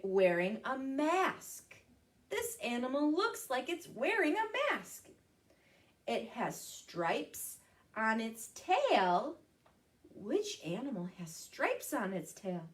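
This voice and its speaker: A woman's voice: fairly high pitch, big pitch swings, takes it slowly, recorded from a distance. A woman voicing a raccoon with a masked face and striped tail, playfully riddling. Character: masked garbage-digging raccoon.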